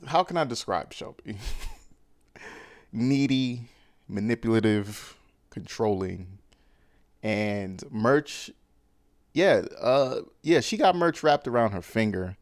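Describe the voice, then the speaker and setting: A man's voice: mid-range voice, lively intonation, takes it slowly, pauses often, no echo, studio quality. A man hosting a podcast, recapping a film in a loose, slangy way with lots of fillers and restarts. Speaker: podcast host. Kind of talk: casual movie recap.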